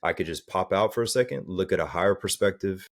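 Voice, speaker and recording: Very low-voiced Southern-raised man, earnest life coach on an interview. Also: fast talker. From American South. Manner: earnest, acts out quoted people for effect. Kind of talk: casual interview talk.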